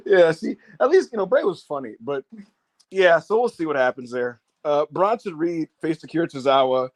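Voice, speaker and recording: A man co-hosting a casual wrestling review show, animated and profane, laughing often and acting out what people said. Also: a little high, normal speed, no echo. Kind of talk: casual show recap chat.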